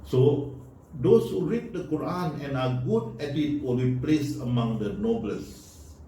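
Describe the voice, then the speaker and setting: A man's voice: mid-range voice, animated, unhurried, dark tone. A man giving an earnest religious talk, urging listeners and repeating key points. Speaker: religious speaker. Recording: echoey room, voice from far off, faint noise.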